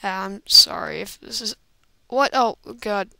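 Excitable woman gamer, slow-talking and dry. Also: medium pitch, gravelly, dry recording. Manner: excitable, rambling, frequent exclamations and laughs. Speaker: gamer commentating own play. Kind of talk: casual gameplay commentary. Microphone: old computer microphone.

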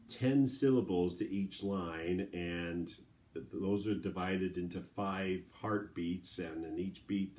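A man reciting a sonnet and explaining it line by line, with slow, deliberate readings between plain explanatory asides. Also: deep voice, darkish tone. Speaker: poetry reader and teacher.

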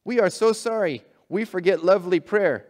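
A man's voice: sits high, moderate pace, darkish tone, voice pushed up, close to an everyday voice. A man voicing a group of earnest island fishermen who plead in broken English, within a story he reads aloud. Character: three simple island fishermen, earnest and apologetic. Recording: long hall reverb.

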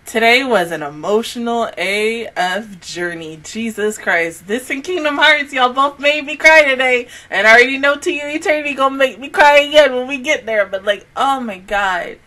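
A young woman hosts a casual reaction vlog with a bright, ringing, slightly high voice. She gushes and exclaims, swears without a second thought and keeps teetering between laughter and tears. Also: moderate pace, few pauses. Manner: gushing, exclamatory, swings between laughing and tearful. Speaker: anime reaction channel host.

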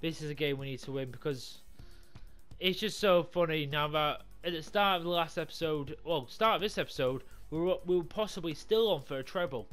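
A young man commentating his football video game career mode, swearing a lot, yelling when things go wrong and talking things through quietly in between. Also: on the high side, fairly quick, faint music behind. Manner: swears a lot, yells in frustration, mutters calmly between games. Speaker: gaming YouTuber. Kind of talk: live gameplay commentary.

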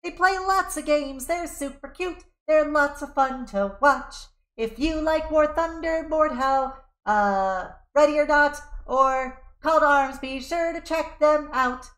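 A woman live-streaming a game, chatting with viewers and reacting loudly, with frequent giggles and swearing when under fire. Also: sits high, slow pace. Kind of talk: live gameplay commentary. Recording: roomy echo.

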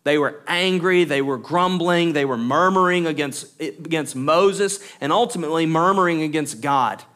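High-voiced man preaching emphatically. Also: moderate pace, a bit bright. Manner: emphatic preaching with repeated words for stress; explains points directly to the congregation. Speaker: pastor. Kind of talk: verse-by-verse expository sermon.

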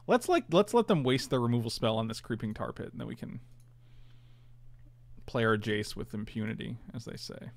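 A man's voice: mid-range voice, lively intonation, normal speed, creaky, long pauses, dry recording. A man casually commentating his own online card game, chatty and self-mocking, groaning at his bad draws.

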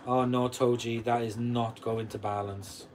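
A man's voice: medium pitch, flat delivery, a little slow. Welsh guy in his 40s on a live stream, chatting away and reading out comments, bit of faint noise behind. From Wales. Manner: chatty, reads out and answers comments. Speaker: channel host.

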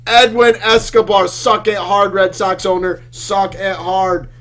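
A man putting on the voice of a brash, excitable card-collecting loudmouth who shouts and trash-talks while opening packs. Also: high-pitched, a little slow. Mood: boisterous. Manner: loud, trash-talking, exclaiming. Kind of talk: card-break commentary in character.

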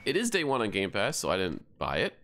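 A man's voice: on the low side, huge pitch swings, brisk, a bit bright, slight background noise. A man streaming a game, making wry jokes as he plays. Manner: wry, joking asides. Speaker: gaming streamer. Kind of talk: let's play commentary. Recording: game music behind.

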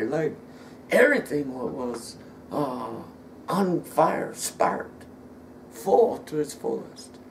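A middle-aged man giving an emotional personal testimony, halting and repeating words, sometimes dropping almost to a whisper. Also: high-pitched, creaky, a little mellow, slight background noise.

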